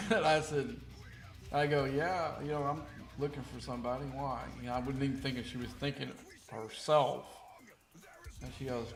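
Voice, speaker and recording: A man's voice: mid-range voice, fairly even intonation, normal speed. Rambling man in his fifties, echoey room. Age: 50s. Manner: rambling, many restarts and fillers; quotes others in a raised voice. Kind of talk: casual storytelling. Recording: echoey room, faint music behind.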